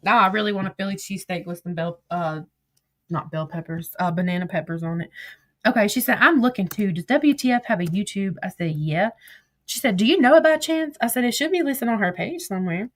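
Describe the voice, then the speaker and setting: A woman's voice: medium pitch, a bit bright. Chatty woman reading her messages aloud. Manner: chatty and profane, laughs often, digresses. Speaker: commentator. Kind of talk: casual commentary reading text messages aloud.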